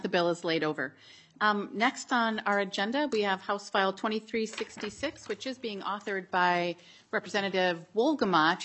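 A woman's voice: medium pitch, a bit bright. Woman chairing a committee hearing. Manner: procedural, polite, filler-heavy.

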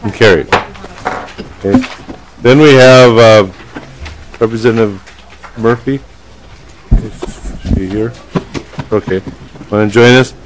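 A man chairing a legislative committee meeting in a formal, halting way, pausing often on fillers. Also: lowish voice, noisy background. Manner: halting, frequent filler pauses.

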